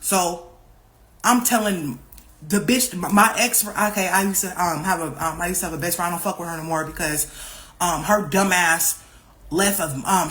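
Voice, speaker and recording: Profane, animated woman telling a story. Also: lowish voice. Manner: profane, slang-heavy, animated retelling; acts out other people's lines in raised voices. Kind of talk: casual personal storytelling.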